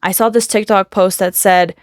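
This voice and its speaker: A woman talking casually to camera in a motivational vlog, chatty and animated, full of quick asides and filler words. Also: mid-range voice, dry recording, studio quality. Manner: chatty and talkative, self-described loud. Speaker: motivational vlogger.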